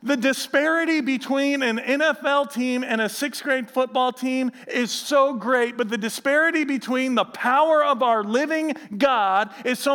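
A man in his thirties or forties, a pastor preaching a sermon, telling stories with animation and reading scripture slowly. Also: extremely high pitch, in a large hall. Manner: animated storytelling, acting out others' voices; reads scripture slowly and gravely.

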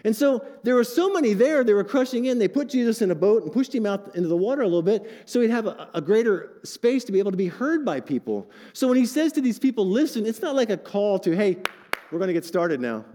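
An older man preaching a sermon to his congregation, animated and joking with asides. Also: sits high, quick pace, few pauses, long reverb tail. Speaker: pastor.

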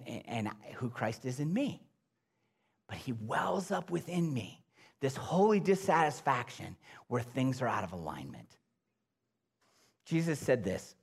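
A middle-aged pastor preaches a sermon, swinging between loud, emphatic bursts and low, hushed lines. His voice has a breathy edge.

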